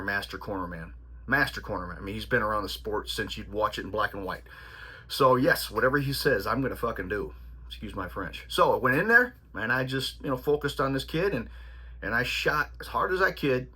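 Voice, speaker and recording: Brief: male boxing coach, forceful husky voice, rambling casual delivery with fillers and swearing. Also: mid-range voice. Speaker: boxing trainer. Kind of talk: casual instructional storytelling.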